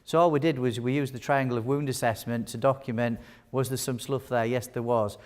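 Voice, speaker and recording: A man's voice: mid-range voice, steady tone, fairly quick, a little mellow. A man giving a live wound care teaching talk, chatty and jokey, quizzing his audience. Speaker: wound care nurse presenter. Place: large hall with audience. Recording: long hall reverb.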